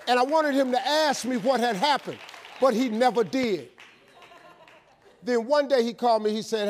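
A man telling a motivational life story, animated and emphatic, acting out both sides of phone calls. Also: high voice, normal speed, pauses often.

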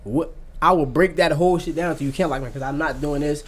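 A man's voice: a little high, fast talker, husky. A man in casual conversation, talking bluntly and with plenty of profanity, acting out quotes as he tells his stories. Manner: blunt, profane, animated storytelling with acted-out quotes. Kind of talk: casual chat.

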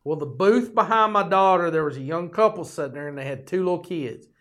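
Older man, folksy podcast host, slightly raised pitch, profane joking storyteller. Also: fairly quick, fairly bright tone. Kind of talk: rambling storytelling monologue.

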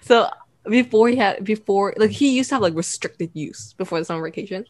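Teenage girl, lively swooping voice, podcast co-host, casual chat. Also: medium pitch, brisk. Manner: animated, moves the talk along.

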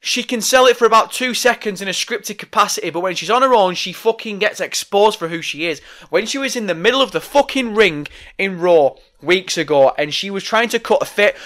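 Man, high-pitched, furious profane wrestling rant, sarcastic. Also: expressive, fairly quick, few pauses, fairly bright tone. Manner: angry, heavily profane, sarcastic. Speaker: wrestling commentator. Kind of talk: ranting monologue.

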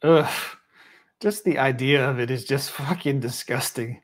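A man's voice: medium pitch, measured pace. A man hosting a live stream, reacting bluntly and profanely to a clip and greeting viewers. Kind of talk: casual live stream commentary.

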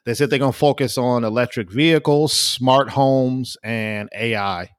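A man's voice: medium pitch, moderate pace, smooth, dry recording, clean studio sound. A man co-hosting a podcast in a laid-back, slangy, casual way. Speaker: podcast co-host. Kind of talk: casual chat.

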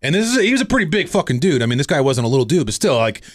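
A man's voice: mid-range voice, sing-song, very fast. A man from the United States in casual chat, rambling with lots of "like" and "you know.".

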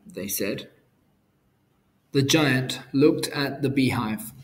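A man reading a children's story aloud, clearly and carefully, as a storyteller. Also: mid-range voice, slow.

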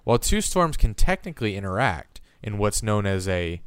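A man's voice: lowish voice, expressive, fairly quick, few pauses, smooth, no echo, clean studio sound. A young man co-hosting a podcast, reading news stories aloud with crude, joking asides in a casual chat. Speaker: podcast co-host.

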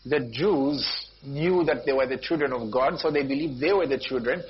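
A pastor preaching a sermon, repeating phrases and jumping up in pitch and volume for emphasis. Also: male voice, moderate pace. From Zambia. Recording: dull lo-fi recording with faint noise.

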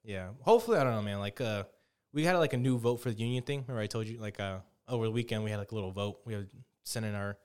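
Fast-talking, profane young man ranting. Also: fairly low pitch, a little mellow, smooth. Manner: profane, ranting storyteller, puts on voices. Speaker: podcast host. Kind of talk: casual chat.

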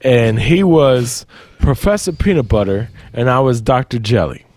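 A man co-hosting a casual podcast chat, animated, swearing and playing at panic. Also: mid-range voice, unhurried, dry recording. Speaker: podcast co-host.

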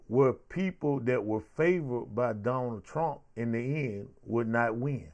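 A man's voice: medium pitch, unhurried, hardly any pauses, a little mellow. A man hosting a show, giving heated, sarcastic political commentary with a lot of repetition. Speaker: show host.

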